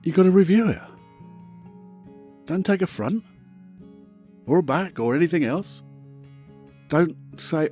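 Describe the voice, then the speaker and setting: A man's voice: high-pitched, big pitch swings, unhurried, long pauses, warm tone, soft background music. A man hosting a self-help podcast, talking in a blunt, chatty, motivational way with the odd mild swear. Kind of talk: casual motivational monologue.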